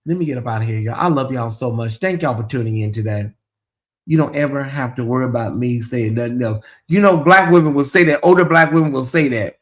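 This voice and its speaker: A man's voice: mid-range voice, brisk. A man hosting a casual livestream, chatting animatedly and reading out viewer comments with exclamations and asides. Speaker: livestream show host.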